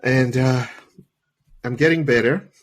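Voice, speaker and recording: A trading coach with a mid-range voice runs a live tutorial at a measured pace, sounding slightly worn from a recent cold. English isn't his first language, and he's chatty, constantly checking in with listeners and sprinkling in "okay?" and "guys."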